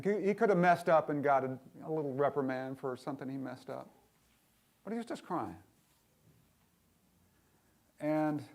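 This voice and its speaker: A middle-aged male minister giving a candid, conversational sermon, often putting questions to the congregation and going soft and hushed in tender moments. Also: on the high side.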